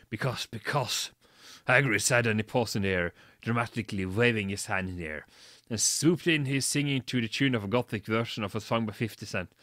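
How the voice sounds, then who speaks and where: A man's voice: medium pitch, a bit bright, dry recording, studio quality. A man reading a badly written story aloud for comedy, mocking it and stumbling over its misspellings. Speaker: reader.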